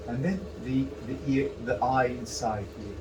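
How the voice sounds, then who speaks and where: A man's voice: medium pitch, steady tone, normal speed, recorded from a distance, noisy background. A man teaching a drawing demonstration, talking through each step and correcting himself as he goes. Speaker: art instructor.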